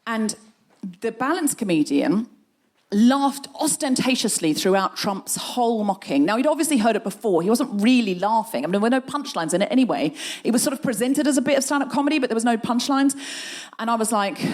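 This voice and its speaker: A middle-aged woman hosting a comedy podcast, telling a story with lively energy and a voice that shoots up high when she gets indignant. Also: fairly quick. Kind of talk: live comic storytelling.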